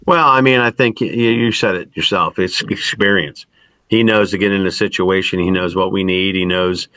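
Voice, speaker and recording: A middle-aged man, a college basketball coach, answers questions in a halting, stop-start way, leaning on "I mean" and "you know". His voice sits a little low but has a bright, forceful edge. The sound is dry and close. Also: no room sound. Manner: halting, many restarts and fillers like "I mean". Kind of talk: post-game style interview answers.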